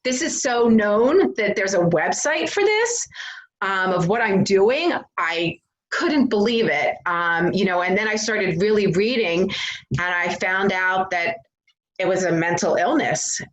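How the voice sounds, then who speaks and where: A woman as an interview guest, candidly retelling her recovery story in an earnest, animated way with frequent fillers. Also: mid-range voice, unhurried. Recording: echoey room.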